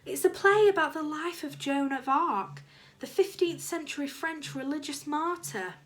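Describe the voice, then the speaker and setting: A woman's voice: high voice, lively intonation, normal speed, voice pushed up. A woman reading aloud, voicing a prim, theatrical female teacher who loves dropping in French words.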